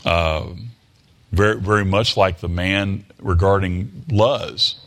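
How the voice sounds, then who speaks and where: A man's voice: low voice, steady tone, slow pace, fairly bright tone, slight background noise. A man preaching a sermon, reading scripture and explaining it in a folksy way, often tagging his points with rhetorical questions.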